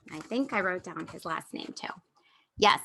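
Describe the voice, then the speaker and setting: A woman's voice: lowish voice, lively intonation, moderate pace, fairly bright tone. A woman emceeing a comedy showcase, closing her set and introducing the next performer. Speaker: show host introducing performers.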